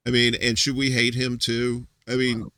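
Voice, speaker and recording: A bright-voiced man hosts a loose live-stream chat over a video call, rambling and joking as he goes. He restarts his sentences often, and his voice sounds dry and close. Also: medium pitch, completely flat delivery, normal speed, clean tone, dry recording. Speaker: host.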